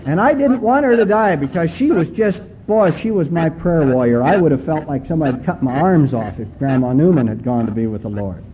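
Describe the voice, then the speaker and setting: A male pastor preaching a sermon with emphatic, drawn-out stresses and a folksy storytelling manner. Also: fairly high pitch, animated, mellow, slight background noise, rough recording.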